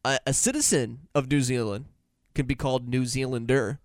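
A man's voice: mid-range voice, steady tone, normal speed, dry recording, studio quality. A man hosting a casual comedy podcast, teasing his co-host and rattling off fun facts.

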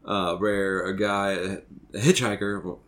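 A man's voice: low voice, little pitch movement, a little slow, a bit bright. A man co-hosting a podcast, telling a story in a rambling way with many restarts. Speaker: podcast co-host. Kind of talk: casual podcast chat.

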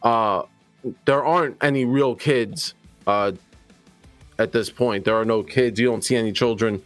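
A man's voice: medium pitch, a little slow. A man narrating as game master, loose and hesitant, with faint music behind.

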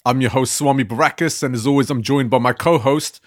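A man's voice: medium pitch, a little fast, no room sound. A man hosting a casual podcast, teasing his co-host and swearing freely.

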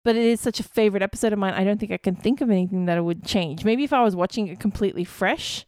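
A woman's voice: medium pitch, racing, darkish tone, dry recording. A woman guest on a casual podcast tells stories in a chatty way. Her voice sounds dry and close. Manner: storytelling, chatty. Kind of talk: casual chat.

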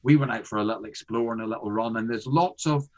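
A man's voice: fairly low pitch, fast talker, lo-fi sound. A man, a comedian, telling a story in a casual interview, rambling with frequent restarts and fillers. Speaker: guest, comedian.

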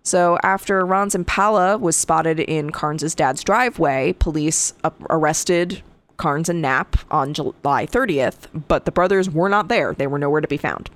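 A woman with a lowish voice tells a true crime story on a podcast. She reads through the case notes at an easy conversational clip and drops in blunt, swearing asides. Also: moderate pace. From Connecticut. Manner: casual, profane, animated asides while reading case notes. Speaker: podcast co-host.

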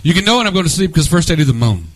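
A man co-hosting a radio show, telling animated stories, laughing often and acting out both sides of a quarrel. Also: a little high, racing. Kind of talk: casual radio banter.

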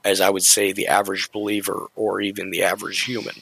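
Co-host type: husky low man, relaxed scripture discussion. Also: fast talker, no echo, low-quality recording. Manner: conversational, reads scripture aloud with shifting inflection. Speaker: podcast co-host. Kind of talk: casual Bible study discussion.

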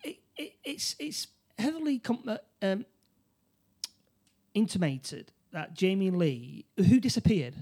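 Halting man recapping a film. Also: sits high, very animated, darkish tone, husky. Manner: halting, many restarts, acts out quotes. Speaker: podcast co-host. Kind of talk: casual film discussion.

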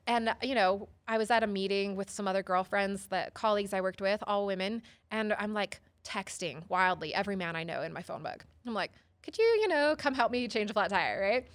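A woman psychotherapist telling stories as a guest in an interview, expressive, often saying "like" and "right?". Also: medium pitch, no echo. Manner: expressive, acts out quoted voices, many "like" and "right?". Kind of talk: storytelling in an interview.

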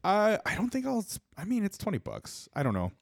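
A man's voice: sits high, wildly swooping pitch, fairly quick, gravelly, no echo, clean studio sound. A young man co-hosting a casual podcast chat, laid-back and sweary with sarcastic asides. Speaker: podcast co-host.

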